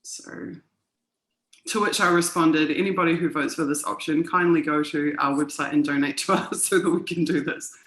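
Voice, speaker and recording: A woman co-hosting a casual livestream and explaining things in a quick, chatty way. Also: low-pitched, steady tone, echoey room, rough recording. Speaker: co-host.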